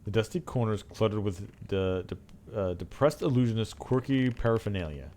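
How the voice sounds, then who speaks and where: A man's voice: fairly low pitch, moderate pace, warm tone, slight background noise. A man streaming a video game live, chatting casually with swearing and reading game text aloud.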